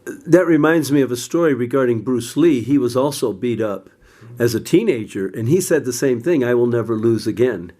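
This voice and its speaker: A man conducting an interview, his voice at an ordinary pitch for a man. He asks plain, measured questions that prompt his guest to go on. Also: lively intonation, warm tone.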